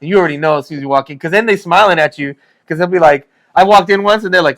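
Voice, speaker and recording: A man's voice: fairly high pitch, rapid-fire, a bit bright, dry recording. A man in his forties co-hosts a podcast in casual chat, laughing often and swearing freely. His voice sounds dry and close, with no room around it. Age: 40s. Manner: laughing, profane, self-mocking banter. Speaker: podcast co-host.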